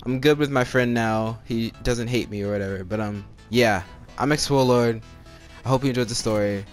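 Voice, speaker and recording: A man tells a personal story straight to his audience, loose and rambling, with constant "like"s and "all right?" check-ins. His voice sits at an ordinary middle pitch, and faint music plays softly underneath. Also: normal speed. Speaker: storytime vlogger. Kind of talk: casual storytelling to camera.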